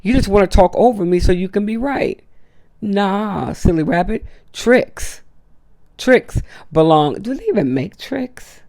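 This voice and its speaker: A man's voice: sits high, animated, measured pace, gravelly, a little mellow. A man hosting a solo podcast, delivering a blunt, profane, opinionated rant and slipping into mocking quoted voices. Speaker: podcast host.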